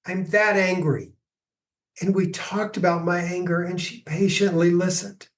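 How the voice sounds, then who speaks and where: High-pitched guy, slow thoughtful storytelling, kinda far from the mic. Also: fairly even intonation. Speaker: grief expert guest. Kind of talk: podcast interview, storytelling answers.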